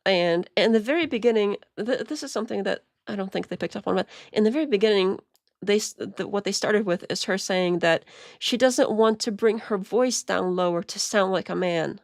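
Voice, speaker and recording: Chatty woman with a gravelly edge. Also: medium pitch, moderate pace, no room sound, studio quality. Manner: rambling, many restarts and laughs. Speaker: streamer reacting to clips. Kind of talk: casual commentary.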